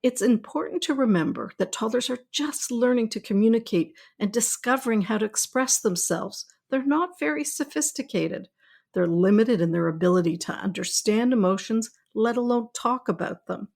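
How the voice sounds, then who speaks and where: Calm middle-aged woman podcast host, gravelly. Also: fairly high pitch, moderate pace. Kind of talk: scripted podcast talk.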